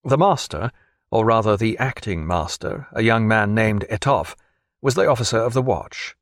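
A man narrating an audiobook in an expressive, measured storytelling manner. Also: lowish voice, no echo, studio quality.

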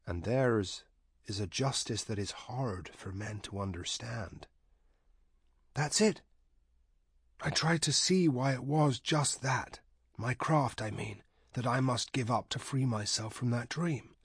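A man's voice: mid-range voice, slow, slightly rough, no echo, clean studio sound, heavily acted. A man doing an earnest, thoughtful sorcerer. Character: earnest adult male sorcerer, thoughtful and sincere.

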